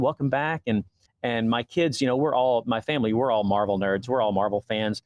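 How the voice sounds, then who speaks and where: He's a fast-talking actor with a mid-range voice, guesting on a casual interview. Animated throughout, he voices the quoted lines of his stories as he tells them, and there's no echo.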